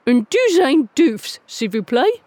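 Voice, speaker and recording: A little pug dog, played by a woman storyteller, pitched up and keen, a touch unsure of himself. He sounds out foreign phrases carefully and politely in a storybook voice. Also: big pitch swings, slow, dark tone, no echo, full character voice. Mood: eager. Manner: careful tourist French, shy and cheery.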